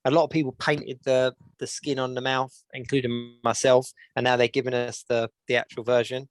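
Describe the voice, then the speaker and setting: A man co-hosting a podcast, chatting casually and listing news with many pauses. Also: mid-range voice, flat delivery, no room sound. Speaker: podcast co-host. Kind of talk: casual chat.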